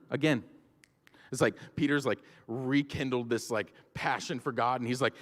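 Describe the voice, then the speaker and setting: A man's voice: mid-range voice, a little fast. Man preaching in a reverberant hall. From Georgia, US. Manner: casual, storytelling, filler-heavy. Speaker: pastor. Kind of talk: sermon. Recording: long church-hall reverb.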